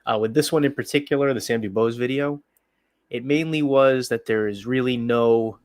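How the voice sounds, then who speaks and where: A man with a New Zealand accent, a guest in an interview, answering in a relaxed, easygoing way. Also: medium pitch, moderate pace, no room sound, clean studio sound. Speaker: guest, true crime video creator.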